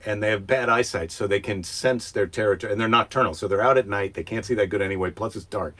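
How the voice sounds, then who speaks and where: A man with a somewhat low voice hosts a relaxed chat with his wife. He delivers odd facts in a wry, deadpan way. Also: fast talker. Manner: deadpan, wry sarcastic humor. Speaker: comedian podcast host.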